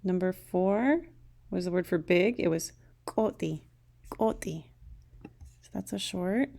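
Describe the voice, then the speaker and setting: Slow, gravelly-voiced woman teaching. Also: lowish voice, mellow. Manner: patient, repeats each word twice. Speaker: language teacher. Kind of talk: recorded language lesson.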